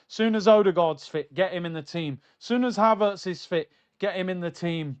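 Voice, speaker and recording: A man's voice: sits high, normal speed, clean tone. A man hosting a live football watchalong, ranting in exasperation and reading out chat messages. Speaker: host of a football watchalong stream.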